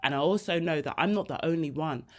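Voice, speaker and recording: A woman's voice: sits low, fast talker. A woman hosting a podcast, telling personal stories in a candid, slangy, emotionally open way. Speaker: podcast host.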